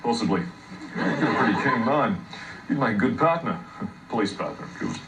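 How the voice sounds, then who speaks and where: A man presenting sketch comedy in a mock-serious, halting way. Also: mid-range voice, animated, fairly bright tone, a little hiss or hum, poor audio. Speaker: comedy host.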